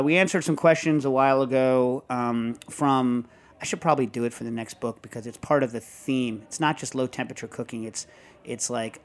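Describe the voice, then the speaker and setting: A man hosting a casual talk show, rambling and animated, often breaking into show tunes. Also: medium pitch. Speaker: host. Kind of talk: casual chat.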